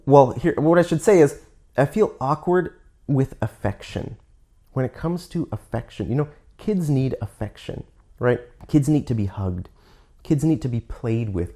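A man's voice: medium pitch, darkish tone. A man with a Canadian accent talking candidly in a casual monologue, often restarting and stopping to explain words for learners.

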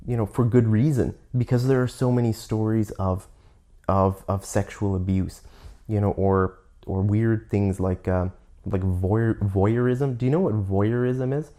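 A man's voice: fairly low pitch, dark tone. A man with a Canadian accent talking candidly in a casual monologue, often restarting and stopping to explain words for learners.

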